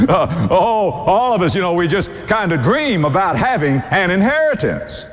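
A man's voice: high-pitched, long reverb tail. A man preaching a sermon, stretching out scripture quotes and chuckling now and then. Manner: animated, drawn-out scripture quotes, warm chuckles.

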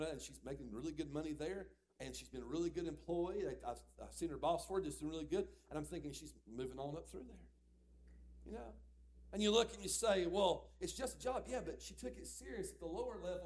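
A male pastor, preaching a sermon and moving from quiet storytelling to loud exhortation. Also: a little high, breathy edge.

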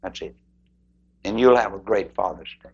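A man preaching an impassioned sermon, swinging his voice high and low and acting out the people in his stories. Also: moderate pace, husky, dull audio.

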